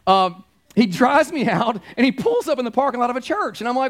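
A man's voice: extremely high pitch, lively intonation, a little fast. A middle-aged man, preaching a conversational sermon in a church, anecdotal and emphatic. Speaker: pastor.

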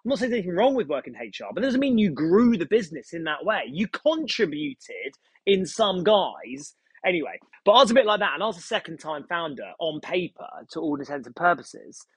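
A young man, a startup founder and podcast guest, chatting casually with animated, swearing, joking rambles. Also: on the high side, fairly quick, husky, dry recording. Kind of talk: casual chat.

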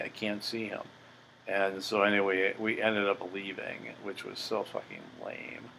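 A man's voice: lowish voice, flat delivery, normal speed, gravelly, pushed and bright, slight background noise, low-quality recording. An older man hosting a podcast, telling a story in a blunt, profane, boastful way. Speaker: podcast host. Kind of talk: casual storytelling monologue.

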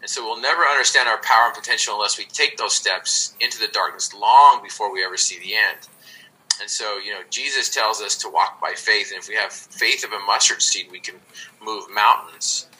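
A man's voice: lowish voice, fairly quick, pushed and bright, poor audio. A man, the podcast guest, telling his story in an earnest, reflective way. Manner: earnest, reflective, with many restarts. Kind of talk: conversational storytelling.

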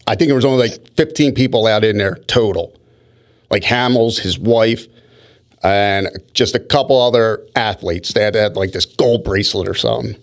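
A man's voice: lowish voice, moderate pace. A man telling rambling stories in casual podcast chat, often restarting his sentences. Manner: rambling, animated storyteller with frequent restarts.

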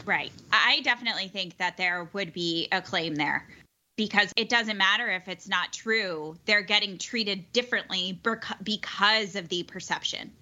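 A woman in-house lawyer, appearing as a podcast guest, weighs her points thoughtfully. Her tone is bright and forceful, with a mid pitch. The recording sounds dull and lo-fi. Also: moderate pace. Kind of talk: conversational legal podcast discussion. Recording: dull lo-fi audio.

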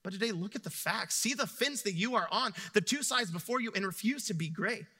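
A young man preaching with a high, sharply bright voice. He tells scripture stories in an animated way, with playful asides, and the sound rings with the long reverb of a hall. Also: fairly quick. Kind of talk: sermon.

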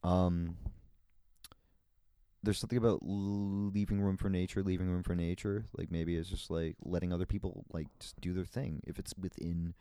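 A man's voice: low voice, little pitch movement, normal speed, mellow, clean tone, dry recording. A man hosting a solo podcast, rambling in a playful, meandering way with frequent laughs and restarts. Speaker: podcast host.

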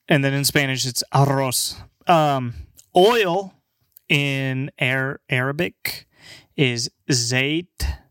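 A young man rambling casually through a word list, halting and stammering, swearing and laughing along the way. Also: mid-range voice, steady tone, fairly bright tone, clean tone, dry recording, studio quality. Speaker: language video maker.

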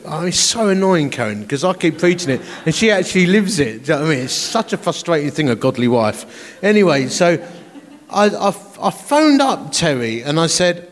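A man's voice: on the high side, big pitch swings, moderate pace. A man in his forties, a pastor, preaching a conference sermon in a chatty, self-mocking storytelling way. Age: 40s. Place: large conference hall. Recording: echoey conference hall.

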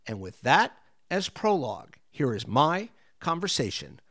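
Guy hosting a food podcast, kinda high voice, talking easy and loose. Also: big pitch swings, a little slow, fairly bright tone. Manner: chatty, conversational. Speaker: podcast host. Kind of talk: interview and show intro. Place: restaurant back dining room. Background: restaurant noise.

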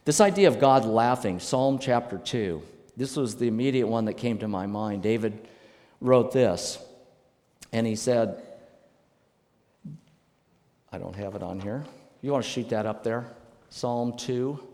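Male pastor, mid-pitched, animated preaching style, long hall reverb. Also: measured pace, long pauses. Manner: emphatic, animated preaching with sudden loud bursts. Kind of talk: sermon.

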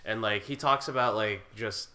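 A man's voice: on the low side, moderate pace, pushed and bright. A young man co-hosting a podcast, rambling in casual chat with lots of fillers and laughs. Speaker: podcast co-host.

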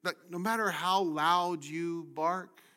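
A male pastor preaching a sermon, swinging from loud emphasis down to hushed, near-whispered lines. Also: high-pitched, fairly even intonation, takes it slowly.

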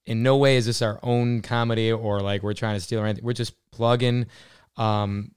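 A young man co-hosting a casual podcast, earnest and friendly, trying hard to speak clearly. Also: on the low side, little pitch movement, moderate pace, darkish tone, no room sound, studio quality. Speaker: podcast co-host.

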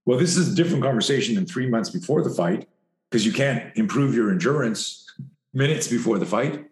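A man who coaches fighters and teaches self-defense, telling an animated, profane story in an interview and acting out the dialogue. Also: medium pitch, moderate pace, reverberant.

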